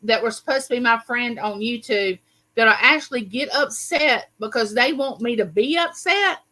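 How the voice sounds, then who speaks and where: Bright, frank woman hosting a live chat. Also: on the high side, moderate pace, low-quality recording. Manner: frank, emphatic. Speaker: host. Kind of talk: casual livestream chat.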